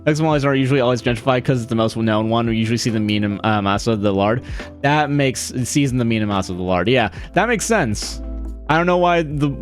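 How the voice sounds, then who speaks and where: A man's voice: medium pitch, lively intonation, fast talker, soft background music. A man chatting casually on a live stream, rambling and correcting himself, often apologizing and laughing.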